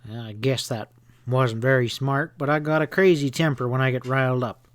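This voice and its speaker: Man reading a grumpy blustering hotel boss from a western, loud gruff voice, dry sound. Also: mid-range voice, steady tone, moderate pace, dry recording, close to an everyday voice. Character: hot-tempered middle-aged male hotel owner.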